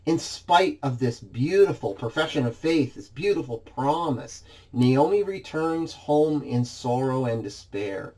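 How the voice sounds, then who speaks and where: Expressive man preaching a sermon. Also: measured pace, few pauses. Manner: expressive reading, dramatizing quoted scripture with shifts in pitch and volume. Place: church.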